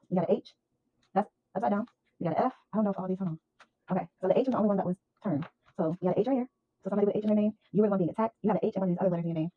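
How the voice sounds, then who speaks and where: A woman reading tarot cards for her viewers in an emphatic, rapid monologue, calling them y'all. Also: mid-range voice, husky. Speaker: tarot reader. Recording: tinny phone-like sound.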